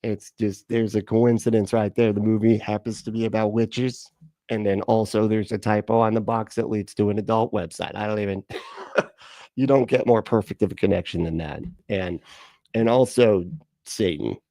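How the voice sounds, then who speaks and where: A man's voice: fairly low pitch, steady tone, normal speed, dark tone, no room sound, clean studio sound. A man hosting a livestream, reacting to a clip with sarcastic, mocking commentary, swearing and laughing often. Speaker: livestream host reacting to a video.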